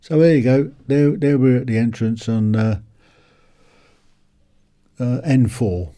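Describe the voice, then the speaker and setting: A man's voice: medium pitch, takes it slowly, dark tone. A man rambling casually about a motorbike show, with plenty of ums and restarts. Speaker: motorcycle vlogger. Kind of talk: casual walkaround commentary.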